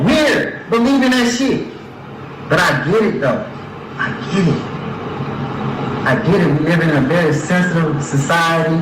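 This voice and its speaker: A man ranting in an agitated, profane, rambling way about accusations made against him, recorded as a clip. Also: a little high. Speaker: person addressing allegations online. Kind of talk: heated rant. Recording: echoey, distant, noisy clip.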